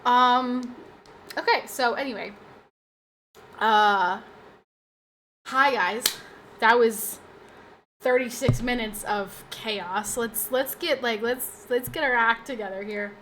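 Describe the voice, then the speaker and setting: A woman's voice: a little high, takes it slowly, pauses often, fairly bright tone, a little hiss or hum. Tired, rambling woman streamer. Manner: rambling and self-deprecating, with frequent laughs. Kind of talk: casual livestream chat.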